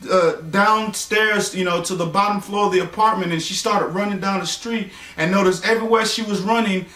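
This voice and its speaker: A man's voice: sits high, fairly even intonation, a little fast, sharp tone, distant mic. A man telling a casual bedtime story, rambling loosely with fillers and acting out the characters' lines. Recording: roomy echo, voice from away from the mic.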